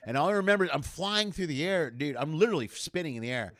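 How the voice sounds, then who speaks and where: A middle-aged man in casual chat, telling a story in an animated way and acting out the voices of the people in it. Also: fairly high pitch, fast talker, no echo, studio quality. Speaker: comedian guest.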